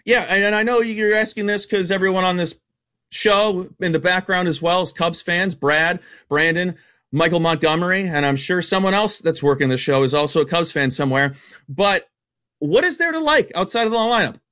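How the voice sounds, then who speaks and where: A man as a sports betting analyst guest on a radio show, rattling off stats in a blunt, animated way. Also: high-pitched, no echo. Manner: fast, blunt, stat-heavy, animated. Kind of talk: casual radio sports talk.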